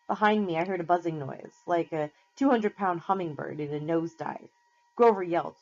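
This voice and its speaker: A woman's voice: lowish voice, a little fast. Woman teacher reading a novel aloud. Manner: steady, plain storytelling. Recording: slightly muffled lo-fi recording.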